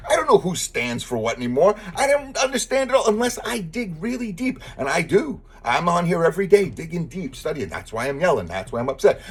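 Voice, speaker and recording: Husky, exasperated man ranting. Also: fairly high pitch. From lives in Texas. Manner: profane, exasperated, sarcastic. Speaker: political commentator. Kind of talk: ranting monologue.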